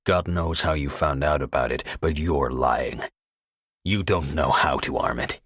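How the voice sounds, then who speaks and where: A vicious young gunman in an audiobook thriller, spitting venom in a very deep, husky voice, as a male narrator plays him. He sounds hard and cold. The recording is dry and close. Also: measured pace, a bit bright, dry recording, full character voice. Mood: menacing. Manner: menacing, venomous. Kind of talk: audiobook character voice.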